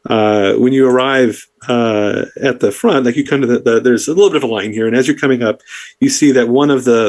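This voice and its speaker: A man's voice: medium pitch, a little mellow. Rambling male dungeon master. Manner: loose, rambling with many fillers. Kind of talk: narrating a tabletop game.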